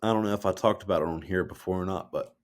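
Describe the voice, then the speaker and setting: A low-voiced man talking quickly co-hosts a podcast in casual chat. He shares personal stories in a loose, heartfelt way, swearing freely.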